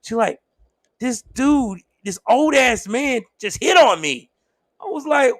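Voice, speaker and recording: A young man hosting a livestream, telling a story in a casual, laughing, animated way. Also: very high voice, slow, dry recording. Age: young adult. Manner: laughs often, animated, swears freely. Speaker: show host.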